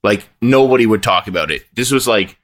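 A man with a lowish voice and a bright, forceful tone, talking in a casual podcast. He is emphatic and pushes his opinions hard, cutting in to disagree. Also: animated, a little fast. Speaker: podcast co-host. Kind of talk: casual chat reacting to a show.

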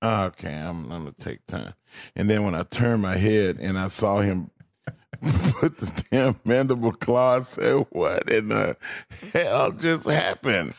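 A man's voice: fairly low pitch, a little slow, gravelly, darkish tone. A man co-hosting a sports radio show, telling wry, playful stories in casual chat.

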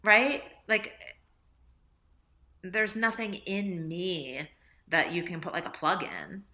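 Animated and slow-paced, this woman's fairly low voice carries a bright, forceful tone. She's an author guest reflecting in a casual interview, frequently laughing and performing small dialogues.

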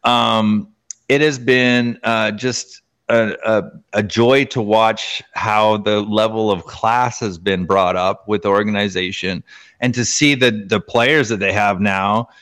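A man's voice: on the low side, steady tone, takes it slowly, fairly bright tone. A man, a former pro hockey player, telling stories as a guest in a casual interview, rambling with many restarts.

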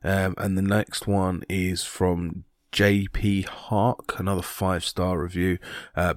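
A man's voice: low-pitched, fairly even intonation, moderate pace, no echo. A man from England hosting a podcast on his own, talking casually with a rambling, self-mocking manner and plenty of ums and restarts. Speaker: podcast host. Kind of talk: casual solo podcast talk.

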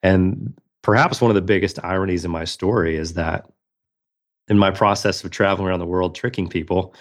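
Deep-voiced man telling his story. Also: steady tone, brisk. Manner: earnest, reflective, with frequent restarts. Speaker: guest, magician and speaker. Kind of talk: storytelling in a podcast interview.

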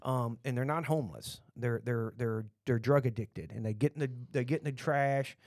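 A man's voice: medium pitch, normal speed, a little mellow, no room sound. A middle-aged man with a Texan accent, talking bluntly in a rambling, opinionated podcast chat full of restarts.

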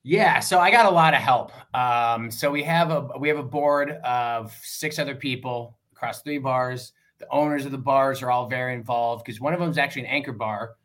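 A man's voice: medium pitch, moderate pace, few pauses. Laid-back man, Western New York accent. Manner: relaxed, laughs easily, many fillers. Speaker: fan club chapter president. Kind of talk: casual podcast chat.

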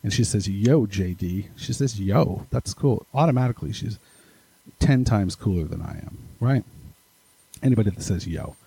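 A man with a low, gravelly, mellow voice and a slightly husky edge hosts a casual podcast. He reads listener emails in a chatty, self-deprecating way, breaking off for quick asides. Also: expressive, dry recording, poor audio. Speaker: podcast host.

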